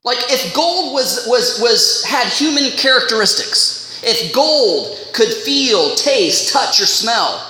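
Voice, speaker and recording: A male preacher giving an animated, impassioned sermon that mimics other voices. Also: very high-pitched, slow pace, few pauses. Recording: echoey hall with faint noise.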